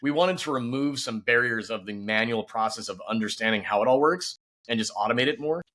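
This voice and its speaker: A man's voice: medium pitch, brisk, a bit bright. A man speaking as a guest and company founder in a casual podcast interview, upbeat and peppered with "you know".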